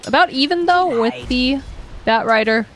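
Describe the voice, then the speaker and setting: A woman casting a live esports match, chatty and quick to laugh, acting out what the players might be thinking. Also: sits high, expressive, fairly bright tone. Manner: chatty, laughs easily, acts out players' thoughts. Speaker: esports caster. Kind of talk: live play-by-play commentary.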